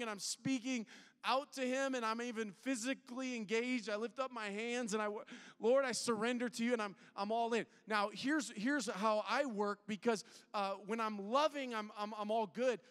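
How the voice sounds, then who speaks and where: A man preaching a sermon in a candid, conversational style, with sudden swings between loud and soft. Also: very high-pitched, smooth, big-room sound. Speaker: pastor. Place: church auditorium.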